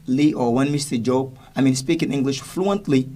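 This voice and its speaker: A man's voice: mid-range voice, moderate pace, warm tone. Man explaining pronunciation on radio. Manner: explanatory, uses fillers and demonstrates stressed words. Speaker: English teacher guest.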